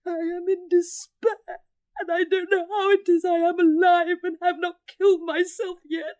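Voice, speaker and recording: A despairing young woman in her twenties from a vintage radio play, tearful and on the edge of sobbing. Her voice sits very high, and her words keep catching in her throat. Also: level tone, normal speed, a little mellow. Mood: bitter. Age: 20s. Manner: tearful, breaking into sobs.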